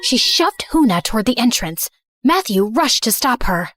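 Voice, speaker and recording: Young woman, first-person narrator, slightly high voice, earnest, dry close sound. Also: very animated, normal speed, fairly bright tone, no echo. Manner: earnest, emotional storytelling.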